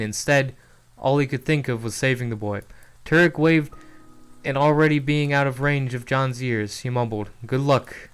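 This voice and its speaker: A man's voice: mid-range voice, clean tone. A man streaming a casual read-aloud of his own novel, often chuckling at his writing and restarting lines.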